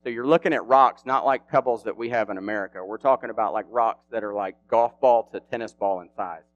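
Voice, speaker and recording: A man's voice: fairly low pitch, brisk, lo-fi sound. Slangy, conversational male preacher. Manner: animated, slangy and conversational, with frequent fillers. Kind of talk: casual sermon.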